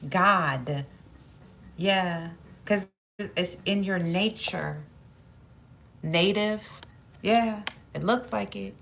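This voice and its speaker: A woman's voice: lowish voice, takes it slowly, gravelly, fairly bright tone, a little hiss or hum. A woman giving a spoken tarot reading, musing aloud and repeating phrases as she draws cards. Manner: musing, repeats phrases, talks to herself while drawing cards. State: emotional at moments. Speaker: tarot reader.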